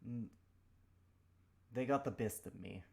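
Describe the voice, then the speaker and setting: Grumpy, vengeful rogue woman, voiced by a man; curt, dry and deadpan. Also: mid-range voice, takes it slowly, vocal fry.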